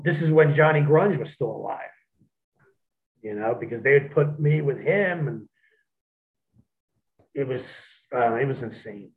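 A man, a wrestler, telling profane, animated stories as an interview guest over a phone line. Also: medium pitch. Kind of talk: storytelling in an interview.

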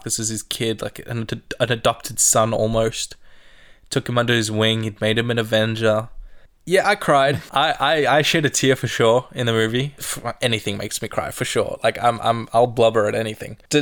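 A man in a casual movie discussion, telling scenes with emotion and quoting lines softly. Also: medium pitch. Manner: emotional, animated storytelling, quotes scenes softly.

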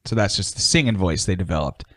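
A man's voice: low-pitched, lively intonation, fast talker, fairly bright tone, no room sound, studio quality. A man co-hosting a podcast, chatting in an easygoing way and laughing along. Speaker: podcast co-host. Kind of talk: casual chat.

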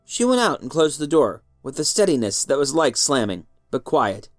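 A male narrator reads a story aloud with a lively, lilting voice that swings widely in pitch. The sound is dry and close, with no room to it. Faint music plays underneath. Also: moderate pace, no echo. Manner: expressive, lilting delivery. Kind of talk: storybook reading.

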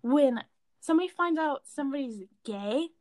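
A woman's voice: high-pitched, animated, normal speed, darkish tone, no echo. A young woman in a casual chat, ranting in a heated, exasperated way with lots of "like" fillers.

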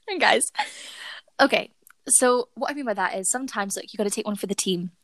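Fast-talking and fairly bright, this mid-pitched podcast co-host is recorded with no room sound. The young woman giggles through a personal story, chatting casually and addressing her listeners as she goes.

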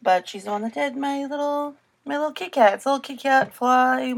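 A woman's voice: high-pitched, fairly quick, creaky. A young woman co-hosting a podcast in casual, giggly, rambling chat. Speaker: podcast co-host.

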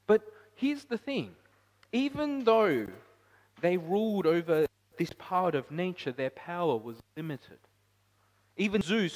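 Preacher with ringing hall reverb. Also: male voice, fairly high pitch. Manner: rises to loud emphatic peaks, then drops quiet. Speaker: pastor. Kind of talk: sermon.

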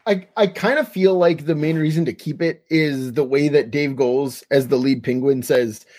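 A man's voice: a little high, moderate pace, a little mellow. A man co-hosting a casual podcast chat, recapping scenes, quoting lines and chuckling often. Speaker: podcast co-host.

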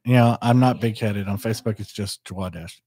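A man's voice: on the low side, fast, a little mellow, no room sound. A man who is a guest on a podcast, telling stories in a wry, self-deprecating way. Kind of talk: casual chat.

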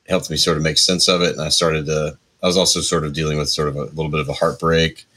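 Low-voiced man telling a rambling story. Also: little pitch movement, fast, bright, forceful tone. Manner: rambling, lots of hedges and restarts. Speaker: guest musician. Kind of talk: casual interview storytelling.

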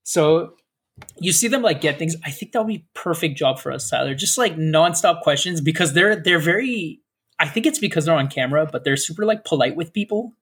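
A man's voice: a little high, animated, brisk, fairly bright tone, breathy edge. A man in a casual chat, telling a rambling story full of fillers and acting out the people in it. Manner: rambling storyteller, acts out quoted officers, many fillers.

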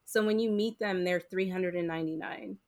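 A woman's voice: lowish voice, fairly quick, crowd noise. A woman co-hosting a podcast in casual chat, rambling and filling gaps with "like" and "um". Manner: rambling, heavy use of "like" and "um". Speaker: podcast co-host.

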